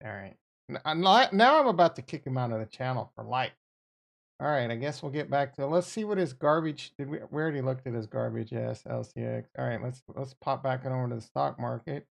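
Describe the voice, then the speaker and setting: A man hosting a casual livestream about trading, talking excitably and with profanity as he riffs with viewers. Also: mid-range voice, fairly quick, vocal fry. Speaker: livestream host.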